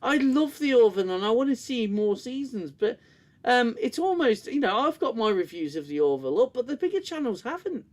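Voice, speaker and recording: A man's voice: very high-pitched, sing-song, fairly quick. A man hosting a casual review livestream, talking in a rambling, candid way, swearing often and laughing easily.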